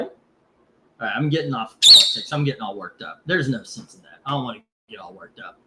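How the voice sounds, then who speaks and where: A man hosting a casual live comic book auction. He rambles between lot calls, curses freely and gets heated before calming himself down. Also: mid-range voice, a little fast, heavy background noise. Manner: rambling, cursing, gets heated over politics then calms down.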